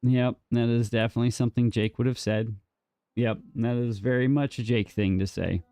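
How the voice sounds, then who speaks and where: A man's voice: medium pitch, steady tone, moderate pace, mellow, clear, resonant tone, no echo, clean studio sound. A man streaming a game, casually bantering with his chat and teasing them in a mock-defensive way, with some casual swearing. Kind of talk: casual live gameplay chat.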